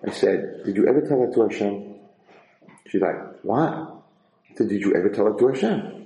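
A man teaching a Torah lecture in an informal, animated way, acting out dialogue as he tells stories. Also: on the low side, normal speed, roomy sound, low-quality recording. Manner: animated storyteller, acts out dialogue, frequent restarts. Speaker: rabbi and teacher.

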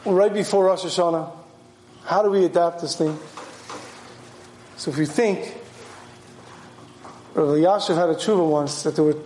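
A man's voice: on the high side, normal speed, long pauses, echoey room, slight background noise, rough recording. A man who sounds like a rabbi, giving a sermon and telling stories with animation. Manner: animated storyteller acting out voices. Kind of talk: sermon with storytelling.

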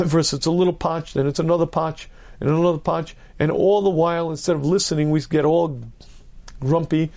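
A man, a rabbi, giving an earnest Torah lecture, stressing points by repetition and clearing his throat often. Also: on the high side, steady tone, normal speed, a little mellow. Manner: earnest, emphatic, repeats key phrases.

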